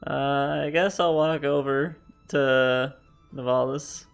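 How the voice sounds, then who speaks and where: A man's voice: medium pitch, steady tone, slow, creaky, smooth, soft background music. A man playing in a tabletop game, talking in an easygoing, casual way with hesitant starts. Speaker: player. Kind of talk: casual tabletop role-play.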